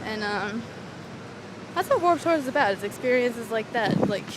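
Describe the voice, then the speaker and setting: A young woman telling a rambling, excitable story in a casual vlog, swearing freely, recorded outdoors near a street. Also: fairly high pitch, normal speed. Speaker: vlogger. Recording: traffic noise from outdoors.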